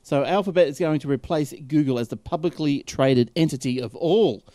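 A man's voice: on the high side, a little fast, dark tone, dry recording, studio quality. A man hosting a casual talk show, reading news items aloud and chatting with his co-hosts, laughing often. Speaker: host.

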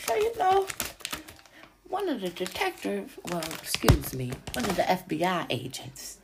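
Animated, slangy woman podcaster. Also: medium pitch, measured pace, background noise. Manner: animated, slangy and profane, with frequent asides to listeners. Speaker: podcast host. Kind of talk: casual gossip commentary.

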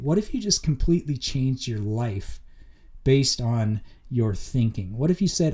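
An earnest man speaks in a relaxed, mellow tone, reflecting on his own experience in a loose, conversational way. His talk is casual and full of little fillers, like a personal monologue from a show he hosts. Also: mid-range voice, moderate pace. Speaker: podcast host.

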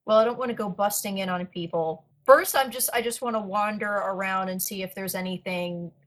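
A woman's voice: mid-range voice, a little fast, a bit bright. A woman taking part as a player in a tabletop role-playing game, easygoing in manner. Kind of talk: casual game talk.

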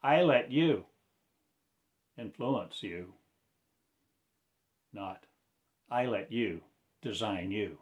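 A man delivering a rambling prophetic monologue in a slow, incantatory way, breaking into loud proclamations. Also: lowish voice, expressive, dull audio.

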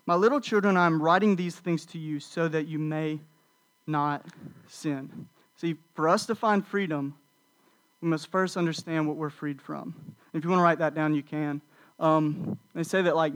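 Young male college preacher, light high voice, loose storytelling delivery with fillers. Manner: casual, animated storytelling with many fillers. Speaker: college ministry speaker. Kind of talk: storytelling sermon.

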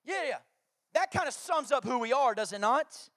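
A man's voice: very high voice, lively intonation, normal speed, fairly bright tone, dry recording, clean studio sound. A man, preaching a sermon through jokey family stories and acted-out quotes. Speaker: pastor.

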